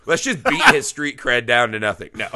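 Male podcast host, casual, swears a lot, sharp tone, crisp delivery. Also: medium pitch, big pitch swings, a little fast, no room sound, studio quality. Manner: loose, joking, swears often. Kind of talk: casual movie podcast chat.

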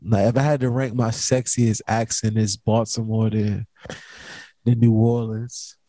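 A man's voice: fairly low pitch, little pitch movement, unhurried, mellow. A young man hosting a casual late-night podcast, talking in a laid-back, rambling way full of slang. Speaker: podcast host.

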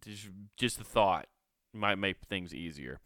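A man's voice: low voice, lively intonation, measured pace, bright, forceful tone, clear, resonant tone, no echo, studio quality. Profane young man riffing on a story. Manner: profane, laughing, rambling asides. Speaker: streamer reacting to a story. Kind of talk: casual reaction commentary.

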